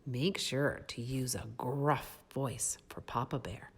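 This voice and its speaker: A woman reading a picture book aloud to children in a soft, breathy, expressive way, pausing to ask them questions. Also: very deep voice. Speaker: children's storyteller.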